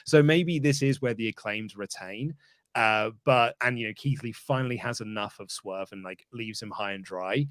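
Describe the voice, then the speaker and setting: A man's voice: mid-range voice, fairly quick, no room sound, studio quality. A man guesting on a casual podcast, chatty and teasing, often restarting his sentences mid-thought. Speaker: guest pundit.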